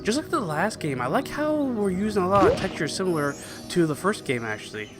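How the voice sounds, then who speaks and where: A man's voice: sits high, sing-song, fairly quick. A man hosting a let's-play, chatting enthusiastically with his viewers about the game as he plays. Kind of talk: video game commentary. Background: game music.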